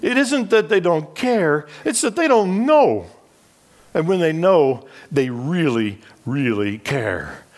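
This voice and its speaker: A middle-aged man, a charity president, giving an earnest, emotional personal talk that slows down on heavy moments. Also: a little high, sing-song. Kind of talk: personal storytelling speech.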